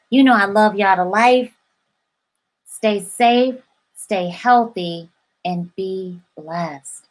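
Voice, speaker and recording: A woman's voice: fairly low pitch, poor audio. A woman working as a manifestation coach in a motivational vlog, effusive and affirming as she talks straight to her viewers.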